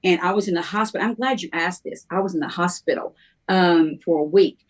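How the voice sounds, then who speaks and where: A middle-aged woman, a minister, telling her life story in a halting, conversational way, with many ums and restarts. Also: on the low side. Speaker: guest minister sharing her testimony.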